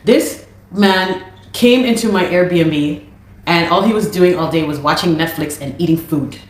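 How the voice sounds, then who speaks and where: Exasperated low-voiced woman in an echoey room. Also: measured pace. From Canada. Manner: animated, exasperated retelling with many restarts. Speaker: musician. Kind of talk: personal account of a dispute.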